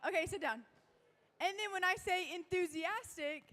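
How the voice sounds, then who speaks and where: A young woman with a sore voice leads a crowd game at a church youth event, bubbly and shouting cheers. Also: very high voice, normal speed, background noise.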